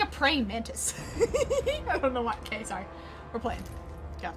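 Casting: high, lively female streamer, chatty and excitable, laughs a lot. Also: normal speed. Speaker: gaming streamer. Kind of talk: casual live gameplay commentary.

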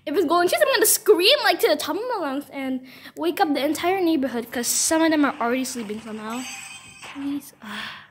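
This is a young teen girl making gaming videos, speaking fast in a high voice with lively intonation. She provides excited commentary on her gacha pulls at home, squealing, pleading and groaning with each outcome.

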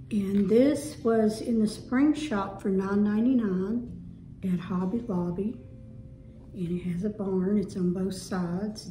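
A woman's voice: medium pitch, dark tone, slight background noise. Chatty Southern woman showing a haul. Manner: chatty, folksy, gushing over items. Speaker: home decor vlogger. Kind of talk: casual show-and-tell haul. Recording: echoey room with faint music.

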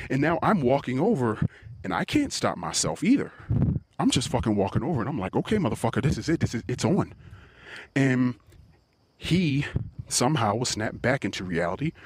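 A man's voice: lowish voice, breathy edge. A man hosting a podcast, telling a heated story in a profane, confessional monologue. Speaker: podcast host.

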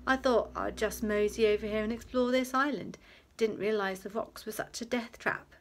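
A woman reading a storybook puts on a breezy, careless young man who talks loudly and jovially. The voice sits a little higher than her usual and has a gravelly edge. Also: fairly even intonation, normal speed, a little hiss or hum, natural voice.

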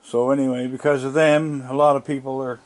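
An older man, chatting casually outdoors at his house, plainspoken, coaxing the animals gently as he talks. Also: medium pitch, little pitch movement, a little fast. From Nova Scotia, Canada. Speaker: wildlife vlogger. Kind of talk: casual talk while feeding raccoons.

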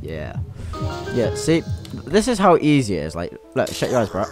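A man's voice: medium pitch, huge pitch swings, moderate pace, soft background music. A young man giving crude, swear-filled gameplay commentary as a YouTube gamer, mocking the game as he plays. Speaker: gaming YouTuber.

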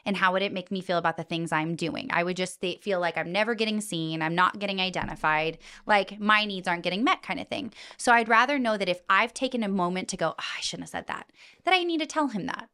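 A woman in her thirties, a podcast guest chatting casually and reflectively as an animated storyteller. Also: mid-range voice, fast talker, few pauses, clear, resonant tone.

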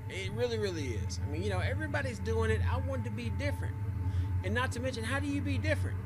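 A man streaming a game, trash-talking and swinging from low mutters to sudden yells. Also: lively intonation, fast, heavy background noise. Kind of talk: casual profane gaming commentary.

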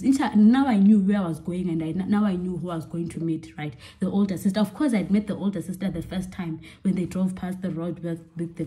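A young woman telling a story to her viewers in a chatty, animated way, full of fillers and repeated words. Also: on the low side. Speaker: vlogger. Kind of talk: casual storytime vlog.

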